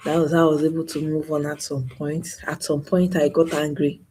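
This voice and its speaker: A woman's voice: low-pitched, little pitch movement, a little fast, darkish tone, slight background noise. A young woman hosting a live stream, talking about loss in a grieving way, sighing and repeating herself. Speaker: channel host. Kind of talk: emotional live stream talk.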